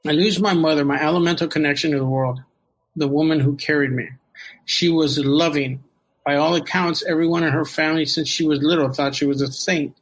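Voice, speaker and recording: Husky middle-aged man, slightly high voice, candid rambling personal storyteller. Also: steady tone, fairly quick, poor audio. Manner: candid, rambling, emotional, with laughs and profanity. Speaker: storyteller guest.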